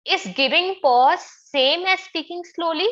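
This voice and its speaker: A woman with an Indian English accent leads an online public speaking class. Her voice is high and bright, and she keeps asking questions and repeating her points. The sound comes through as a slightly dull, lo-fi video call. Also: unhurried.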